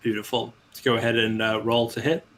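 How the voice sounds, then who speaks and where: A man's voice: mid-range voice, flat delivery, brisk, a bit bright. A man narrating scenes and calling for rolls as game master, encouraging the players. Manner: descriptive, encouraging, with fillers.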